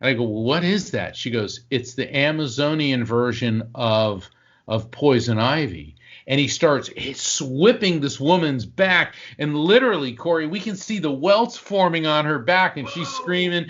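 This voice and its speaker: A man's voice: a little high, normal speed, muffled recording. A man, a psychic medium, telling a long anecdote in conversation, acting out the quotes, with plenty of fillers. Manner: animated storyteller, acts out quotes, frequent fillers.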